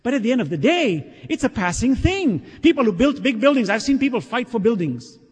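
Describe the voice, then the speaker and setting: Male preacher, sermon, earnest and emphatic, high voice, reverberant hall. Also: sing-song, brisk, breathy edge. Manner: earnest, emphatic, swinging between soft and loud; recites scripture in Arabic.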